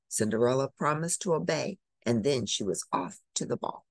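A woman reading a picture book aloud, expressive and animated. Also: very deep voice, moderate pace, hardly any pauses, dry recording. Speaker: storybook reader.

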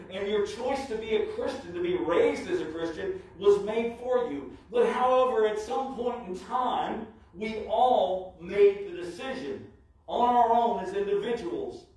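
A man with a high voice preaches slowly, leaning on each phrase with dramatic pauses. The sound rings heavily around a church sanctuary, as if the microphone sits well away from him. Every word carries the measured cadence of a Sunday sermon. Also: expressive, darkish tone. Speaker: pastor. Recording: very echoey church, mic from far off.

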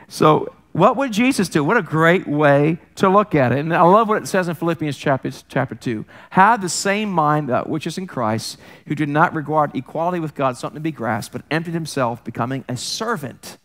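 A man's voice: a little high, expressive, fairly quick, a bit bright. A man preaching as a pastor, talking in a loose, joking way and often breaking off to apologize or correct himself. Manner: conversational, jokey, self-interrupting. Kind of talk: sermon.

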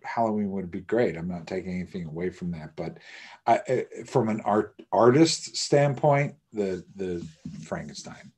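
Podcast guy, lowish voice, jokey and animated, tosses out swears. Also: moderate pace, husky. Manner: animated, joking, swears casually. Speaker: podcast co-host. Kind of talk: live podcast chat.

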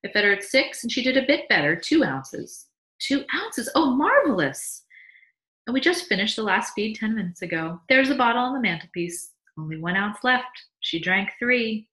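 A woman's voice: medium pitch, lively intonation, brisk, hardly any pauses, bright, forceful tone, reverberant, pitched above the performer's own voice, rough recording. A woman voicing an eager, insistent husband who keeps bees, in a storybook reading. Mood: proud. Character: eager fussing husband and beekeeper.

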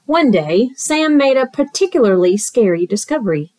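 A woman teacher reading a picture book aloud to children, expressive and playful, with squeals and sound effects. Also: a little high, normal speed.

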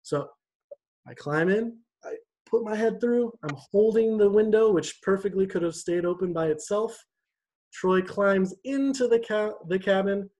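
A young man with a slightly higher-than-average voice tells a personal story during a church devotion. His delivery is animated and conversational, as if chatting with friends. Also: unhurried, low-quality recording.

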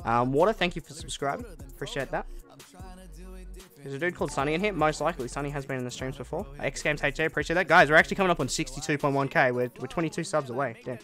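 A man's voice: fairly high pitch, fast talker, sharp tone, soft background music. An eighteen-year-old Australian man chatting casually on a gaming live stream, answering viewer comments in a laid-back way.

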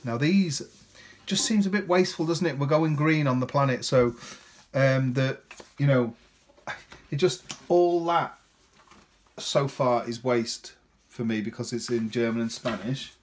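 Man, casual unboxing commentary, rambling, tag questions, mid-pitched voice, faint background clicks. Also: measured pace, slight background noise. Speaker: board game unboxing presenter.

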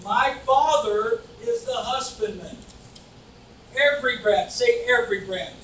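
A man preaching a fervent sermon as pastor, building to shouts and mocking voices. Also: very high-pitched, unhurried. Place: church. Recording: echoey church from far off, faint noise. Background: congregation calling back.

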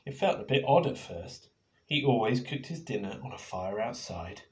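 A man reading his picture book aloud to children in a playful, expressive way, now and then turning to ask them questions. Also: medium pitch, moderate pace. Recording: echoey room.

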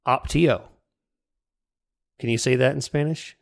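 Male podcast co-host, mid-pitched, relaxed and chatty, quick to laugh. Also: vocal fry. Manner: easygoing, laughs often, restarts sentences. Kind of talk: casual chat.

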